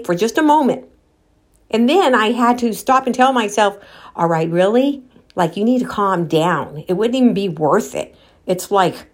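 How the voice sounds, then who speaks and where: A woman vlogger telling a personal story while out walking, candid and animated, quoting what people said and talking to her viewers directly. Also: medium pitch. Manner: candid, animated retelling with quoted dialogue; addresses viewers directly as guys.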